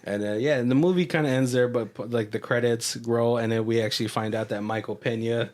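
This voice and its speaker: A man's voice: mid-range voice, steady tone, brisk, darkish tone. A man casually recapping a movie on a podcast, rambling with filler words, laughing and acting out lines of dialogue. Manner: rambling, laughing, acts out quotes. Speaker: podcast co-host.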